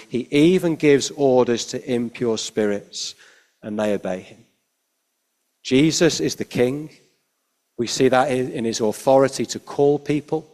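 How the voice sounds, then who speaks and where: Man preaching a measured sermon. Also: medium pitch. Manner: measured, emphatic preaching with falling, quiet line endings.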